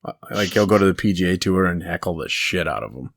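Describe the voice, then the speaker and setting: Male podcast co-host, very low voice, rambling casual storyteller who laughs at his own bits. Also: animated, quick pace, vocal fry, a bit bright. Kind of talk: casual chat.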